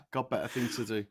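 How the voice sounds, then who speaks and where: A man's voice: medium pitch, pushed and bright, breathy edge. Man with exasperated, sarcastic asides. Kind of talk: casual political chat.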